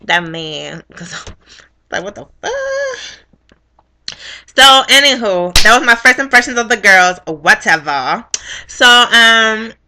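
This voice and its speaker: A young woman casually recapping a reality show, blunt and profane, with animated storytelling. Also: a little high, takes it slowly, long pauses, slight background noise.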